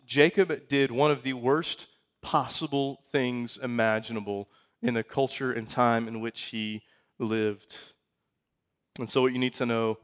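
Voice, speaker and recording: A man's voice: mid-range voice, steady tone, unhurried. A man in his thirties, a pastor preaching a sermon in a conversational way, reading scripture aloud and making asides to the congregation.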